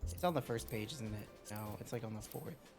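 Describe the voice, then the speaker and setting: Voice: mid-range voice, normal speed, music in the background. A live game streamer chatting with viewers, reading game lines aloud and ranting with plenty of swearing. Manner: reads cutscene lines aloud, swears, rants loudly.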